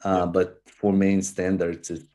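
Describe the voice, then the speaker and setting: A man hosting a podcast interview in a relaxed, hesitant way, with many fillers. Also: low voice, unhurried. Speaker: podcast host. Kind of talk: casual interview chat.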